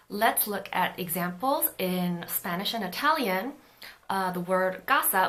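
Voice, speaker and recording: A woman teaching a Korean pronunciation lesson, explaining patiently and clearly and sounding out example syllables. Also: lowish voice, bright, forceful tone.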